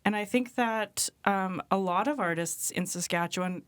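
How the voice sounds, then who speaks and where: A woman's voice: mid-range voice, normal speed, smooth, no room sound. A woman who is an artist and arts administrator, speaking earnestly with many fillers in a panel discussion.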